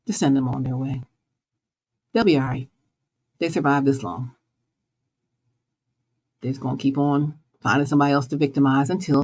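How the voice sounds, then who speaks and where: Woman hosting her own show, casual pep talk, animated, voice jumps up and down, laughs a lot. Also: creaky, breathy edge. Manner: animated, swings pitch and loudness, laughs often. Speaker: host. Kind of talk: casual motivational monologue.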